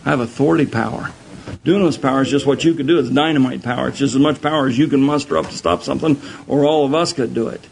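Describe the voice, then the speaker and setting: A man preaching a sermon, telling Bible stories in an animated way and often repeating his words. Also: medium pitch, quick pace, creaky, a little hiss or hum, rough recording.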